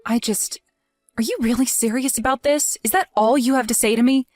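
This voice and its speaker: A woman playing a young wife in a dramatized text-message story, emotional and pleading, with halting restarts. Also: fairly high pitch, steady tone, a little mellow, dry recording, soft background music, natural voice. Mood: indignant. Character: young wife grieving, hurt and indignant.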